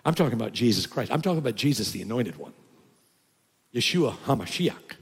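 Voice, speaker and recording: An older pastor delivers a sermon in a gravelly voice, now and then climbing into loud, high-pitched emphasis. His words ring out in a church sanctuary with a long, trailing reverb. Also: sing-song, fast.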